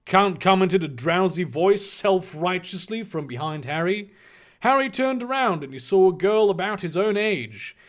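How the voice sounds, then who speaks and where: A man's voice: high voice, lively intonation, moderate pace. A man giving a comedic reading, full of profane, rambling asides. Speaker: comedic reader.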